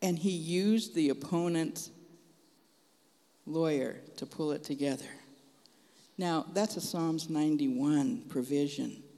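A man preaching a testimony in an animated, frank and folksy storytelling manner. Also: on the high side, slow, pauses often. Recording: long hall reverb.

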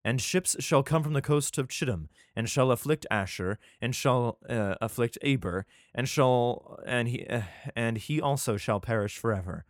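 In a studio-quality recording with no echo, a male podcast host reads scripture aloud in a mid-range voice at a moderate pace, hardly pausing. He stumbles over words and breaks off for profane, irreverent asides, keeping the tone casual.

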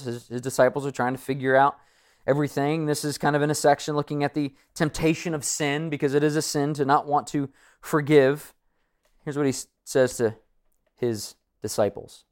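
A man's voice: mid-range voice, a little mellow. Conversational man preaching a sermon. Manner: conversational, self-deprecating, acts out quoted voices. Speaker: pastor.

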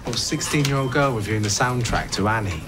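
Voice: medium pitch, lively intonation, fast talker, natural voice. An actor playing an offhand, teasing worker at a music paper, in a film clip.

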